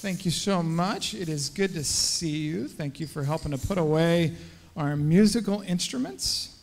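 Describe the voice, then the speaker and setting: A man's voice: on the high side, animated, unhurried. A man leading a children's message in church as pastor, coaxing the kids with many friendly questions. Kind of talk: children's sermon. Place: church sanctuary. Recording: long church hall reverb.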